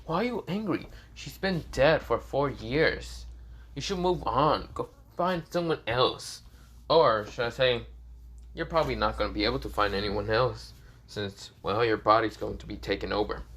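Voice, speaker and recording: A man's voice: medium pitch, moderate pace, a bit bright, slightly rough. A man doing a smug, taunting young ninja. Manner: taunting, condescending.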